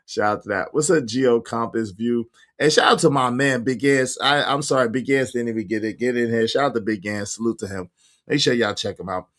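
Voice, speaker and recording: A man's voice: medium pitch, a little fast, fairly bright tone. A man hosting a casual livestream, reading viewer comments aloud in a slangy, emphatic way with speech and frequent laughter. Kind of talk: casual chat.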